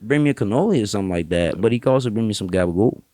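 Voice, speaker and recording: A man putting on a streetwise New York tough-guy voice, talking fast in paranoid mob patter. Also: fairly low pitch, very animated, a little mellow, no echo. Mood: suspicious.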